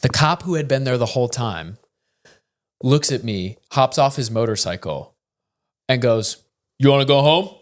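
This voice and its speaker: A man in the middle of a podcast story who keeps slipping into the voices of the people he describes. He talks in a relaxed, conversational way, with a pitch that sits in the middle range for a man. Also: measured pace, pauses often. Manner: animated storyteller who acts out the people in his stories. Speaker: podcast co-host. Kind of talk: casual chat, storytelling.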